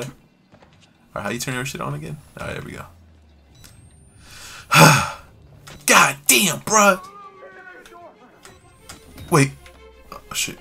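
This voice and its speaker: A man doing let's play commentary on a horror game, swearing constantly in slang and yelling when he panics. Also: a little high, very animated, slow pace, creaky, pauses often, husky, faint music behind. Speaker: gamer playing a horror game.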